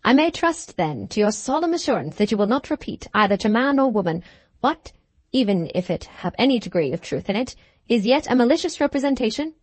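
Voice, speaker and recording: A woman's voice: on the high side, big pitch swings, no echo. A woman voicing a pleading, guilty banker. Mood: anxious. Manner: pleading and hurried. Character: anxious guilty middle-aged male banker.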